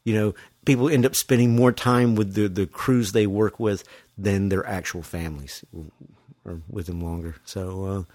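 A man, a lighting technician, talking as a podcast guest. He is relaxed and hesitant and trails off into fillers. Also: lowish voice, normal speed, no room sound. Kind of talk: casual interview chat.

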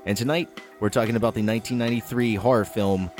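A man's voice: lowish voice, steady tone, quick pace, music in the background. Laid-back male podcast host. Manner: laid-back, chatty, many fillers. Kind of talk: casual chat.

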